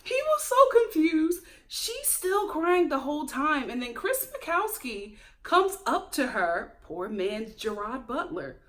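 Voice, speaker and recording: A woman hosting a casual reality TV recap, talking in an animated, gossipy way and mimicking the cast. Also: high-pitched, takes it slowly, hardly any pauses. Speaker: show recap host.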